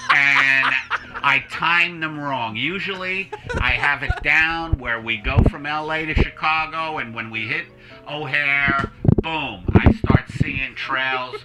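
A man's voice: on the high side, takes it slowly, over loud music, low-quality recording. A man playing a chatty, oversharing airline pilot on mushrooms, improvising a PA announcement. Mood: rambling. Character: rambling stoned middle-aged male airline pilot. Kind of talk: improv comedy bit over a PA.

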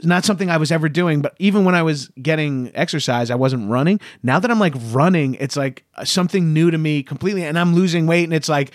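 A man's voice: a little high, no echo, clean studio sound. Laughing New York man, podcast chat. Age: 30s. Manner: joking, rambling, quick to laugh. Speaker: podcast co-host.

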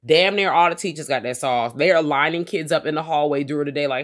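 A man's voice: on the high side, brisk, hardly any pauses, fairly bright tone. A man co-hosting a casual film-review podcast, talking loosely with plenty of slang, swearing and filler words. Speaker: podcast co-host.

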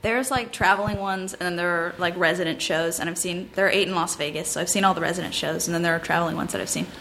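A woman's voice: on the low side, fairly even intonation, fast, vocal fry, fairly bright tone, a little hiss or hum, poor audio. A woman guesting on a podcast, chatting casually. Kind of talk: casual conversation.

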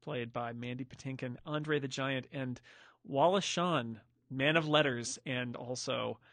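A man's voice: mid-range voice, measured pace, a bit bright, no room sound. A man hosting a podcast discussion, rambling casually with restarts and fillers. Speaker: podcast host. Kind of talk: casual chat.

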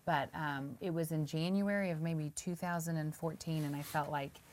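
A woman's voice: deep voice, steady tone, moderate pace, a little mellow, slight background noise. A woman in her forties in casual conversation, telling a story and acting out her own past thoughts. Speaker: guest.

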